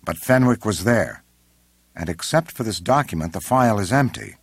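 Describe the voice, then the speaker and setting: A man voicing a composed middle-aged male intelligence chief who speaks in a measured, respectful way, in an audiobook. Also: fairly low pitch, animated, husky, no echo, studio quality, pitched above the performer's own voice. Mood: earnest.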